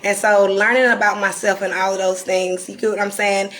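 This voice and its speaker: A woman from North Carolina with a Southern accent and a raspy, croaky voice, talking candidly and deliberately to viewers on a live stream. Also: medium pitch, level tone, a bit bright, a little hiss or hum. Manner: reflective and candid, slowed deliberate delivery. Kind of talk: casual live-stream talk.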